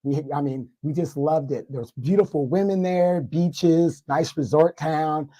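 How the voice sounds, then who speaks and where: A man with a congested, hoarse voice, guesting on a livestream discussion and ranting in mock outrage. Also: on the high side, measured pace, mellow, rough recording. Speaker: guest commentator.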